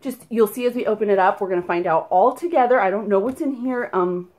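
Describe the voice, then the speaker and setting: A woman's voice: medium pitch, quick pace, a little mellow. A young woman hosting a casual unboxing video, talking in a chatty, rambling way with lots of fillers. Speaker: unboxing vlogger.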